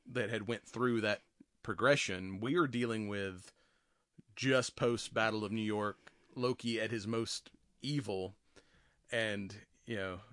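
A man's voice: fairly low pitch, a bit bright, no room sound, studio quality. A man hosting a casual podcast chat, joking around and laughing often. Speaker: podcast host.

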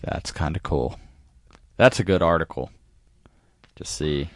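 Man, podcast co-host, very low voice, dry close recording, dry joking asides. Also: a little slow, no room sound. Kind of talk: casual podcast chat.

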